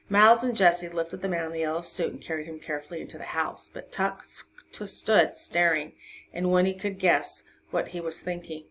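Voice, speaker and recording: A woman reading a children's novel aloud to a class, narrating expressively and pausing to check the listeners understand. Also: lowish voice, slight background noise. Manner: expressive reading, voices for each character. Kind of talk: storybook read-aloud to a class.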